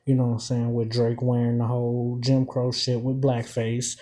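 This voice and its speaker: A man's voice: mid-range voice, completely flat delivery, normal speed, dark tone, slight background noise. A man casually breaking down rap lyrics line by line, emphatic, repeating quoted bars and asking if the listener follows. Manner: emphatic, repeats quoted lines, keeps asking "you know what I'm saying". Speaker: commentator.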